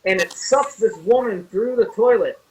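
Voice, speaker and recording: A man on a horror podcast telling childhood stories in casual chat, animated and full of profanity. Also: sits high, normal speed. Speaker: podcast co-host. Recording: distant mic with faint noise.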